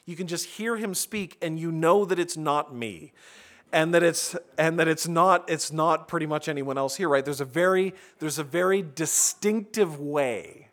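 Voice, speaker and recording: Man preaching to a congregation, slightly higher voice, talky and conversational, restarts phrases often. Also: normal speed, fairly bright tone. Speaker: pastor. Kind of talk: sermon.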